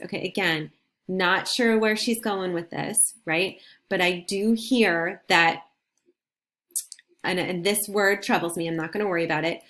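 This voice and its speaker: A woman's voice: medium pitch, slow, fairly bright tone. A woman teacher giving a recorded video lesson on reading difficult texts, talking in a conversational, encouraging way and often restarting her phrases.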